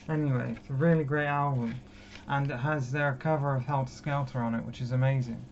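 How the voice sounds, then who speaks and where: A man's voice: mid-range voice, fairly even intonation, fairly quick, few pauses. A young man from Britain chatting casually and rambling through his record collection, poking fun at himself. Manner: chatty, self-mocking, rambling. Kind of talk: casual chat. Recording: dull lo-fi with clear background noise.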